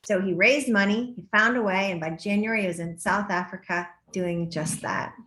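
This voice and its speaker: A woman's voice: medium pitch, moderate pace, fairly bright tone. A middle-aged woman giving a talk at a forum in a medium voice, telling stories and slipping into quoted back-and-forth dialogue. The sound carries a roomy echo. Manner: storytelling, acts out quoted exchanges. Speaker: education speaker.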